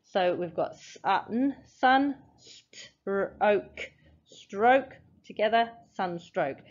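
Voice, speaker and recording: Dull audio captures a woman with a fairly low voice explaining a phonics lesson at a board. She works patiently and step by step, sounding out letters and syllables.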